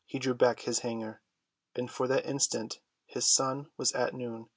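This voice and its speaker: A man narrates a children's storybook in a measured, steady way. His voice is husky and mid-pitched, recorded close on a dry, dead mic. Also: no room sound. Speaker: audiobook reader.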